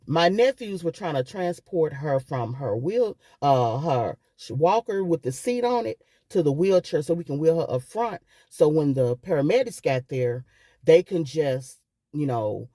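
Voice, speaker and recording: A woman's voice: sits low, warm tone, no echo. A middle-aged woman vlogging, telling a personal story with emotion and often calling her viewers "guys".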